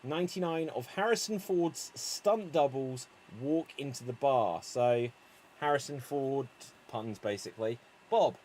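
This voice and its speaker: A man hosting a live online improv show, upbeat and quick to laugh, talking over a video call. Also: medium pitch, a little mellow, slight background noise. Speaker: improv host.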